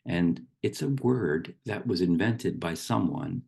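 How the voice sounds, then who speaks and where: A middle-aged man giving a gentle, unhurried reflective talk as a meditation teacher, with small restarts. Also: low-pitched, expressive, vocal fry.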